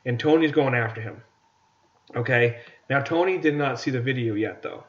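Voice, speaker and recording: A man's voice: medium pitch, moderate pace. A man co-hosting a casual podcast, ranting about movies and stumbling over repeated words. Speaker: podcast co-host. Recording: dull lo-fi podcast audio.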